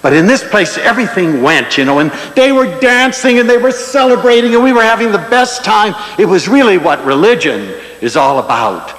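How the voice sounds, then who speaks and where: A man lecturing to an audience in a large hall, voice rising and falling as he tells his stories. His pitch sits a little high and swings widely. The sound is roomy with a long reverb tail. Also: moderate pace, hardly any pauses. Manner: animated, expressive storytelling. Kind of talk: inspirational lecture with anecdotes.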